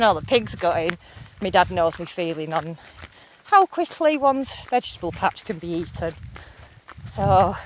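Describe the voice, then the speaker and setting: A woman, vlogging casually and excitedly about wildlife while walking on a rural hillside. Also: fairly low pitch, slight background noise. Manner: chatty, excitable, rambling. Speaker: nature vlogger.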